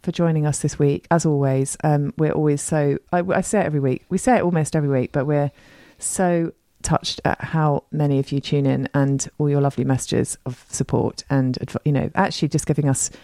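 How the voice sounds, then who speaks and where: Low, warm-voiced woman. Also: fairly even intonation, fairly quick, few pauses, no room sound, clean studio sound. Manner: friendly and matter-of-fact, with affectionate slang. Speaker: podcast co-host, interiors expert. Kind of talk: casual chat.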